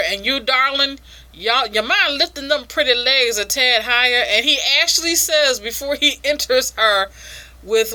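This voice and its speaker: Woman, comic reviewer, crude and frank, amused, bright voice, fairly high.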